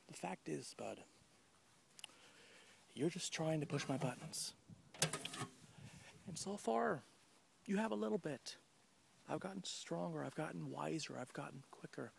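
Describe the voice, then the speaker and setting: A man's voice: mid-range voice, vocal fry, slight background noise. A young man with a cold delivering a scornful, rambling trash-talk promo. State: has a cold.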